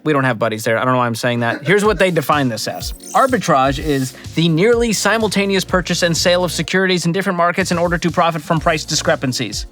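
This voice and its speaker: A man in his thirties hosting a money reaction video, sarcastic and jokey, with big swings in pitch. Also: lively intonation, quick pace, hardly any pauses, fairly bright tone, faint music behind. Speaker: host.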